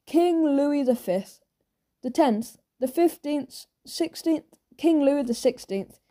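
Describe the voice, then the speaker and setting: Woman doing a nervous young schoolboy, stammering, high and tripping over words. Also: normal speed, dark tone, natural voice. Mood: flustered. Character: flustered twelve-year-old schoolboy.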